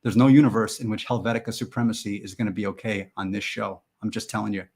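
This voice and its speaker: A man hosting a live stream and chatting with viewers in a goofy, rambling way, jumping from loud mock-indignant bursts to mumbled asides. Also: fairly low pitch, steady tone, fast, gravelly, husky. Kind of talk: joking live chat with viewers.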